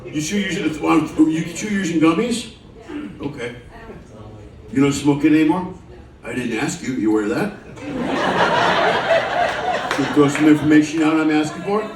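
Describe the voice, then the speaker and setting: A man with an animated, fairly high voice does stand-up with crowd work in a cruise ship show lounge, speaking a little slowly and pausing often. Loose and profane, he teases the audience between jokes. It's recorded from a distance with a roomy sound, background noise, and laughter from the crowd.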